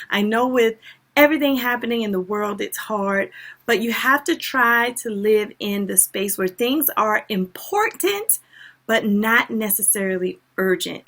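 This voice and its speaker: A woman's voice: a little high, fairly bright tone. A woman vlogger talking casually and earnestly to her viewers, speaking directly and with emphasis. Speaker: diabetes lifestyle vlogger. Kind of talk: casual talk to camera.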